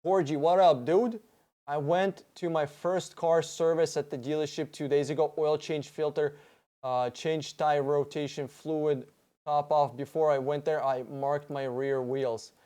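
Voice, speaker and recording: A slightly high-voiced man with a measured pace runs an informal Q&A on his livestream. After reading viewers' questions aloud, he goes off on profane, animated tangents answering them.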